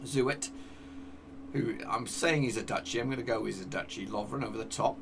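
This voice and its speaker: A man giving excitable live commentary over a football management game, cheering at goals and talking to his players. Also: mid-range voice, moderate pace, gravelly, far from the mic, background noise. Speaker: gaming YouTuber.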